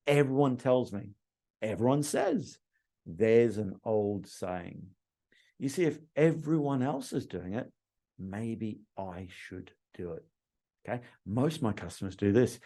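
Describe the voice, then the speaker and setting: A male sales trainer giving a lively training talk, acting out bits of customer dialogue as he teaches. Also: mid-range voice. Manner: animated, acts out customer dialogue.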